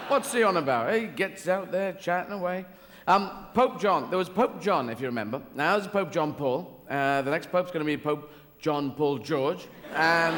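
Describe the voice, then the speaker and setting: A man's voice: on the high side, lively intonation, normal speed, background noise. An English man performing a rambling, digressive stand-up routine full of swearing, on a large theater stage. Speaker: stand-up comedian. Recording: reverberant live hall with ambience.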